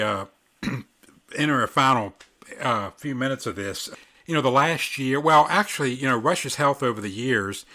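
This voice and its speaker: A man's voice: mid-range voice, pushed and bright. A man hosting a podcast, chatting casually and reflectively with frequent restarts. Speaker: podcast host. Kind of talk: casual tribute chat.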